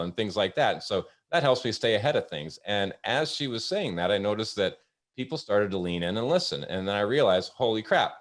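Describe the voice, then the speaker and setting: Low-voiced man telling work stories. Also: lively intonation. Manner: storytelling, halting with many fillers. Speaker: host. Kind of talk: casual webinar talk with anecdotes.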